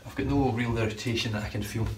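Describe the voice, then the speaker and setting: A man's voice: mid-range voice, fairly even intonation, quick pace, a little hiss or hum. A man chatting casually in his bathroom about a shave, rambling, swearing freely and correcting himself as he goes. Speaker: shaving vlogger. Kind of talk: casual product review chat. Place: home bathroom.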